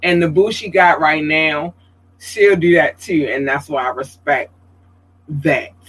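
A man in a relaxed livestream podcast chats straight to his audience and reads out their comments as they come in. His voice is husky and sits fairly high, and it shoots up into excited peaks before settling back into easy talk. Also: unhurried, poor audio. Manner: expressive and chatty, voice jumping up high when excited. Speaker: podcast host. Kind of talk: casual livestream podcast chat.

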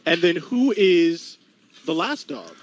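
A man's voice: a little high, big pitch swings, takes it slowly, slight background noise, rough recording. A man hosting a live-stream interview, hyped and talking straight to the chat. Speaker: host.

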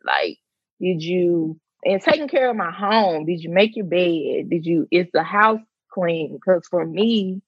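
Woman, teacher and mom, reflective faith talk, lowish voice, close and dry. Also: unhurried, breathy edge, no echo, lo-fi sound. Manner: earnest, reflective, quotes others in lively voices. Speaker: mother of twins. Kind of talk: faith conversation, personal sharing.

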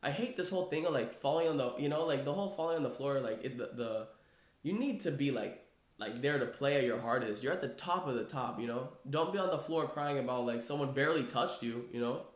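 A man's voice: mid-range voice, brisk. A man hosting a casual sports chat podcast, rambling loosely with lots of fillers and "bro.". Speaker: podcast host. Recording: echoey room.

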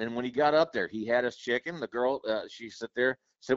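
A man's voice: mid-range voice, fairly quick. A man co-hosting a podcast, chatty and telling anecdotes while acting out other people's lines. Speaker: podcast co-host. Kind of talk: casual comedic storytelling. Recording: dry, dull lo-fi podcast audio.

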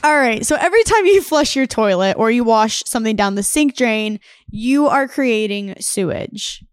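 A woman with a Southern US accent chats on a podcast, mixing blunt jokes with explanations from her notes. Her voice sits a touch high. The recording is dry and close. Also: expressive, moderate pace, clean tone, dry recording. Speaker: podcast co-host. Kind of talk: casual chat.

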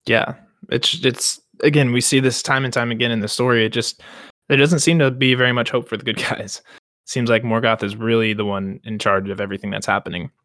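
A man's voice: medium pitch, steady tone, fairly quick, fairly bright tone, dry recording, studio quality. A young man co-hosting a casual book podcast, retelling the plot with mock quotes and laughs. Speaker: podcast co-host.

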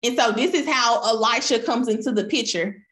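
A woman delivers a sermon in a high, bright-pitched voice. She retells the story with animated, voiced quotes and keeps calling her listeners y'all. The recording has a roomy, echoing sound. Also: normal speed. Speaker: preacher. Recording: roomy echo.

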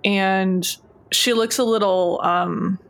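A woman's voice: mid-range voice, steady tone, slow pace. A woman playing a tabletop game, describing her character hesitantly and thoughtfully. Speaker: player. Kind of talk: casual tabletop narration.

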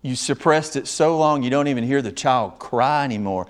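A male preacher with a drawl delivers a sermon full of drama. He rises to loud, raised passages, then drops to near-hushed tones. His pitch sits in a middle range for a man. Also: normal speed. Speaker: pastor.

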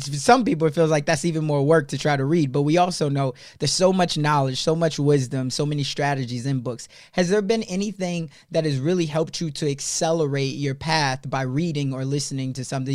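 An upbeat man hosting a casual podcast interview, quick to agree and full of relaxed slang. His voice is a little higher than most men's and sounds dry and close, with no room echo. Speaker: podcast host.

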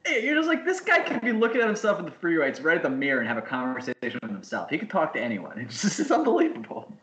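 A man's voice: a little high, huge pitch swings, quick pace, fairly bright tone. A man co-hosting a casual podcast, laughing often and acting out gym scenes. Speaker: podcast co-host. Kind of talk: casual chat. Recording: roomy with faint background noise.

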